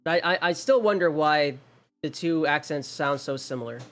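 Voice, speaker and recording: Casting: casual game streamer, mid-pitched, loose rambling talk, faint game music behind. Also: animated, moderate pace. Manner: rambling, many restarts and fillers, musing aloud. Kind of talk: casual livestream chat.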